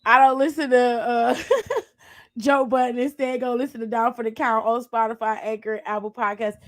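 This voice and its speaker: A woman's voice: fairly high pitch, level tone, moderate pace. A woman co-hosting a podcast in casual chat, telling stories animatedly, laughing often and swearing freely. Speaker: podcast co-host.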